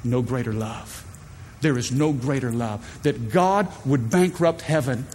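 A man's voice: mid-range voice, unhurried, a little mellow, a little hiss or hum. A man in his thirties preaching a sermon from a church stage, emphatic and calling out to the congregation. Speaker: pastor. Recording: long hall reverb, faint ambience.

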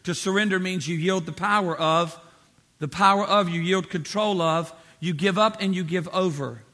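A man's voice: sits high, moderate pace, bright, forceful tone. A man preaching a sermon, driving points home with emphatic repetition and acting out the voices of the people he quotes. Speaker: pastor.

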